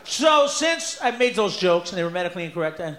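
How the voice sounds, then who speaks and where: A man performing a stand-up comedy set on a live stage, loud and profane, often breaking into shouts. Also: high voice, sing-song, quick pace. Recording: echoey live venue with room noise.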